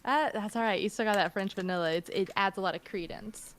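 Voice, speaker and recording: A woman's voice: mid-range voice, fast, a little hiss or hum. A woman running a tabletop role-playing game on a live stream, upbeat and giggly, often restarting her sentences. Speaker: game master.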